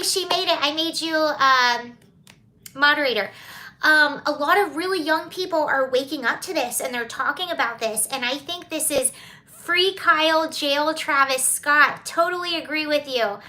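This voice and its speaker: A young Southern woman from Georgia hosts a casual livestream, chatting and reading viewer comments while wandering off topic and laughing. Her voice is high, bright and forceful.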